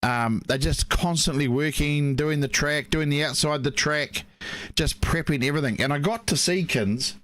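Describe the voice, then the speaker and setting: Co-hosting a relaxed live stream, this New Zealand-accented man wanders through chatty stories loaded with filler words. He speaks at a moderate pace in a slightly high, somewhat bright voice, with no room sound.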